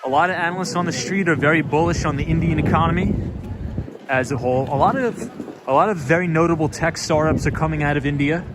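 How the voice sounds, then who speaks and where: A man's voice: fairly high pitch, fast talker. Chatty man streaming from city streets. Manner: chatty, reads viewer comments aloud and answers them. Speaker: live-stream host. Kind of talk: casual live-stream chat. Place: outdoors on busy city streets. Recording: city street noise behind. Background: city street traffic noise.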